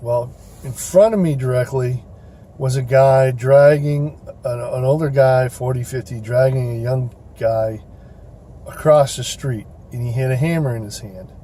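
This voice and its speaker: A man's voice: mid-range voice, measured pace, dark tone, a little hiss or hum. A man telling a story in a casual, rambling way, with many fillers and restarts, recorded in his car. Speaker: rideshare driver vlogger.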